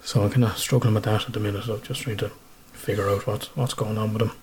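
Guy on a podcast, lowish voice, rambles on and swears a lot, just chatting. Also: level tone, fast talker. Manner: candid, rambling, swears freely. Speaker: podcast host. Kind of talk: casual chat.

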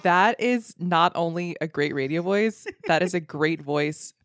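A woman's voice: fairly low pitch, a little slow, background noise. A woman comedian on a podcast as a guest, chatting casually with dry teasing wit. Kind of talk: casual chat.

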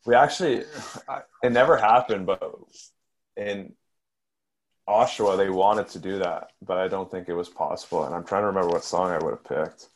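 A man's voice: low voice, normal speed. A man, a hockey player guest on a podcast, chatting casually and rambling, often trailing off and restarting his sentences. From Canada.

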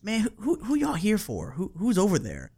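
A man doing a brash, excited rapper impression. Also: high voice, moderate pace, slightly rough, voice pushed up, full character voice.

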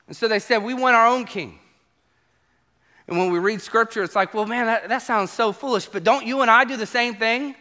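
A man preaching a sermon to a congregation as pastor, animated and acting out quoted voices. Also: very high voice, moderate pace.

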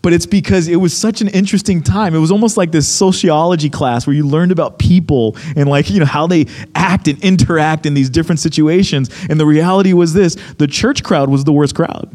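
A man's voice: a little high, fairly quick, few pauses. A young man preaching a sermon, telling a story with lots of acted-out quotes. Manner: animated storytelling, acts out quotes. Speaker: pastor.

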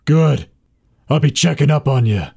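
A man voicing a tough, threatening woman mercenary in a tabletop game, with a gravelly, husky voice. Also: on the high side, moderate pace, warm tone. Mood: menacing.

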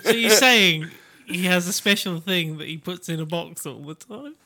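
A man co-hosting a podcast, teasing the others in quick banter. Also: high voice, pushed and bright. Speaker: podcast co-host. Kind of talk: casual chat.

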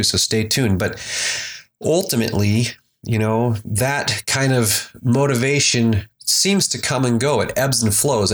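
A man giving a relaxed, conversational motivational talk on mindfulness, slowing down to lead breathing. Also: lowish voice. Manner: relaxed, conversational, slows for emphasis. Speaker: spiritual teacher. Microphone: desk microphone.

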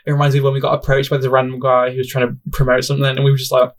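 A young man chats on his solo podcast in a loose, rambling way, laughing at himself and apologizing as he goes. His voice sits in an ordinary middle pitch for a man. He talks into a home mic. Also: rapid-fire. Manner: rambling, self-deprecating, giggly and expressive. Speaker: podcast host. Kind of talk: casual solo podcast chat.

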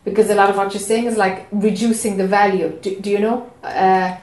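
A woman's voice: medium pitch, fairly quick, roomy sound, low-quality recording. A woman teaching at a spiritual retreat, listening closely and answering in a reflective, affirming way. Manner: attentive, steady affirming, reflective. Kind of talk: teaching dialogue.

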